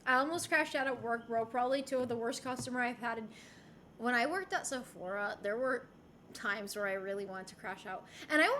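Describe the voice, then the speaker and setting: A woman's voice: a little high, bright, forceful tone, slight background noise. A young woman streamer chatting candidly with her chat from home, swearing freely and rambling with restarts. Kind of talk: casual chat.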